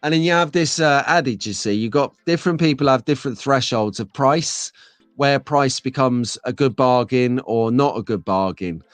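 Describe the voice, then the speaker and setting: Middle-aged host, casual live-stream chatter, dry room, faint music. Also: male voice, mid-range voice, normal speed, no echo. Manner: chatty, rambling, reads chat comments aloud.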